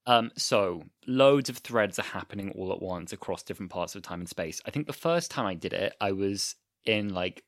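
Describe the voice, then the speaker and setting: A man's voice: deep voice, lively intonation, normal speed, few pauses, no echo, studio quality. A man guest on a podcast, rambling through stories with plenty of fillers. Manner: chatty, rambling storyteller with lots of fillers. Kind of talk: casual podcast chat.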